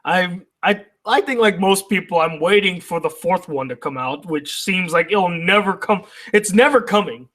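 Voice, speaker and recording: A man's voice: sits high, normal speed, hardly any pauses, a bit bright. A man hosting a casual livestream, reading viewer messages aloud and answering them in a loose, profane way. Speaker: anime reviewer reading live chat.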